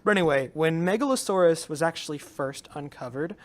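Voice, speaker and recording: A man's voice: a little high, expressive, a little fast. A young man hosting a podcast in casual chat, rambling with lots of fillers and frequent laughter. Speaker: podcast host.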